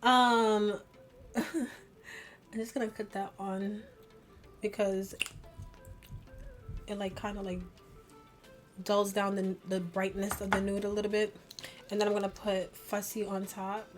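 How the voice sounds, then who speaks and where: A woman's voice: medium pitch, little pitch movement, slow pace, long pauses, faint music behind. A young woman chatting through a makeup tutorial, rambling and peppered with "like", laughing at herself as she goes. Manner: rambling, chatty, heavy use of "like". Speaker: beauty vlogger. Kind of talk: get-ready-with-me makeup tutorial chat.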